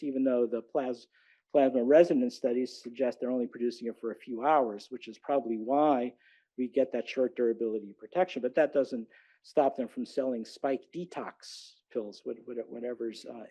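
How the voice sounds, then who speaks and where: A man's voice: mid-range voice, mellow, low-quality recording. A middle-aged man giving an academic lecture in a frank, combative way, often restarting his sentences. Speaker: guest lecturer. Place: lecture hall.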